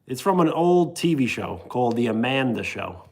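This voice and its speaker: A man's voice: medium pitch, very animated, moderate pace. A man hosting a livestream, chatting casually and playfully with viewers and joking with his chat. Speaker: livestream host.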